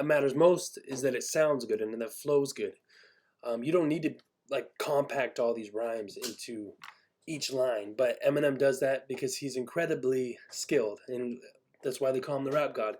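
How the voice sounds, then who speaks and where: A man's voice: medium pitch, darkish tone. A man casually breaking down a song's lyrics, talking with many fillers and restarts and some swearing. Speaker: music lyric tutor. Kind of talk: casual screen-share lesson. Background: a baby heard at times.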